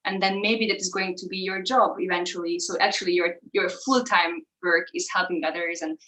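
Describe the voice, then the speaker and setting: A woman's voice: fairly low pitch, steady tone, fairly quick, sharp tone, echoey room, rough recording. A woman co-hosting a home cooking show, chatting in a reflective, casual way and laughing often. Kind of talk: casual chat.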